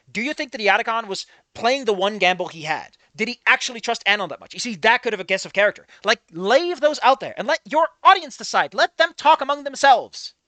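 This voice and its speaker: A man reading a first-person fan story aloud and breaking off to critique it, moving between hushed reading and loud, excitable remarks. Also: sits high, no room sound. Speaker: fan fiction reader and critic.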